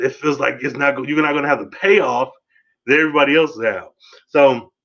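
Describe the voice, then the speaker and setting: Excited man rambling through an episode review. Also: mid-range voice, lo-fi sound. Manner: excited, rambling, swears freely, acts out quotes. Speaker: podcast host reviewing a TV episode. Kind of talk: casual solo review.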